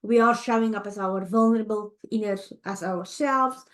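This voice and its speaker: Tired, tearful woman hosting a podcast. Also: medium pitch. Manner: heartfelt, halting, with restarts and soft fillers. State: tired and near tears. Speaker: podcast host. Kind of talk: emotional personal monologue. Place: home, early morning.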